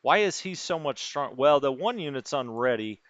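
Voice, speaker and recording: A man's voice: mid-range voice, lively intonation, moderate pace, fairly bright tone, no room sound, highs cut off. A man streaming a strategy wargame, muttering through unit numbers and chatting with his live chat. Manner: thinks aloud, muttering over unit numbers.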